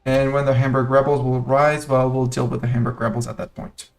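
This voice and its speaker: A man's voice: medium pitch, level tone, a little fast, creaky, soft background music. A man giving casual live commentary on a strategy game he is streaming, thinking aloud and playfully talking to the nations on his map.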